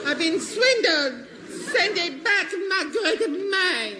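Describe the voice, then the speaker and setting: A man voicing a gullible, boastful young boy with a shrill, prim way of talking, in 1950s radio comedy. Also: big pitch swings, slow pace, a loud crowd, full character voice. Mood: indignant. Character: squeaky cowardly young boy scout type, gullible. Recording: hissy old radio broadcast recording.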